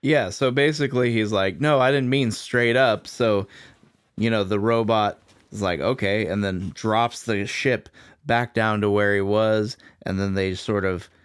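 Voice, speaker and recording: A man co-hosting a podcast, filling in film details in casual chat with frequent pauses and "um"s. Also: lowish voice, fairly even intonation, clean tone, no room sound, clean studio sound. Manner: hesitant with frequent "um" and "uh". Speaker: podcast co-host.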